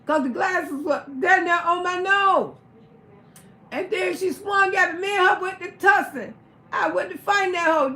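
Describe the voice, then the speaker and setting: Livestream host, female, high bright voice, swears freely while she tells a story, echoey room. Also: unhurried. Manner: profane, animated, emphatic retelling. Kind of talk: casual storytelling to a live audience.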